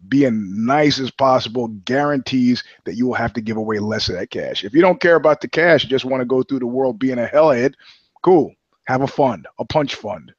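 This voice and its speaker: A man's voice: medium pitch, no echo, lo-fi sound. A middle-aged man co-hosting a podcast, rambling in casual chat with chuckles and restarts. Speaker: podcast co-host.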